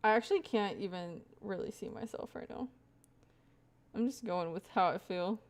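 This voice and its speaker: A woman's voice: medium pitch, moderate pace. A young woman livestreaming, rambling casually to her chat with frequent laughs. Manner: chatty, rambling, laughs often, talks to chat.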